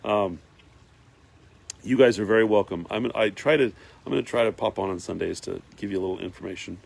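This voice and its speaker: A man's voice: on the low side, fairly quick, gravelly. A man hosting a casual live stream from his farm, reading viewer comments aloud and rambling with lots of fillers. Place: farm in Northern California.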